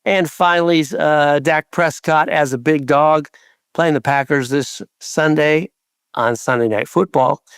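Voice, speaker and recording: A man co-hosting a sports betting podcast, briskly reading through trends and numbers with the odd filler. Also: fairly high pitch, fairly even intonation, fairly bright tone, clean tone, no echo. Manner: brisk, numbers-heavy delivery with filler uhs. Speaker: podcast co-host.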